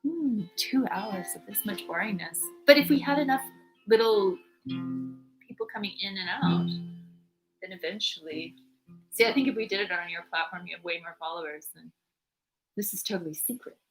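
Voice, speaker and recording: A woman's voice: mid-range voice, normal speed, pauses often, music in the background. Rambling woman chatting on a livestream. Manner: rambling, joking, jumps between topics. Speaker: livestream host. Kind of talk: casual chat.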